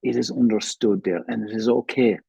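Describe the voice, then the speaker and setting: A man's voice: lowish voice, fairly even intonation, fairly quick, gravelly, dark tone, husky, no room sound, low-quality recording. An older man with an Irish accent gives a candid, emotional personal testimony at a recovery meeting, swearing freely, over a video call. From Ireland.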